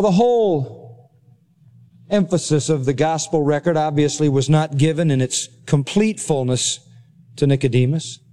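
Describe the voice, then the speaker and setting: A man's voice: fairly high pitch, mellow. A male pastor preaching an expository sermon, emphatic and repeating phrases for stress.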